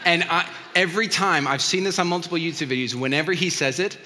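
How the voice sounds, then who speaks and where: Preacher, male, bright tone, chatty storyteller, echoing hall sound. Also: fairly high pitch, fast talker. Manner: conversational storytelling, acting out quotes. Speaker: pastor. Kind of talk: sermon. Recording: long reverb of a hall.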